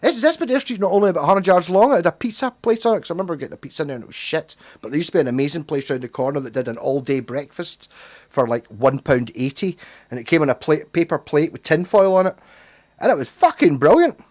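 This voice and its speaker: A man's voice: fairly high pitch, lively intonation, fast talker, darkish tone, no room sound. A middle-aged man, hosting a livestream and chatting loosely with viewers, rambling and swearing freely. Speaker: livestream host. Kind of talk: casual livestream chat.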